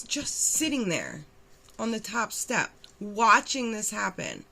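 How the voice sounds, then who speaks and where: A young woman telling her own recovery story in a blunt, animated way, acting out quotes and swearing freely. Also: fairly high pitch, slow pace, gravelly. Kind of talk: candid storytelling.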